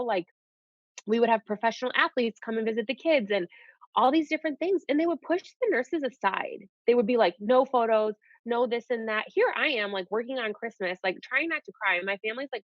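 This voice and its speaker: A young woman and nurse, telling her story in a casual, animated way and saying "like" often. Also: a little high, a little fast, dry recording. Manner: animated, peppers speech with "like". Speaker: nurse guest. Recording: dull lo-fi audio.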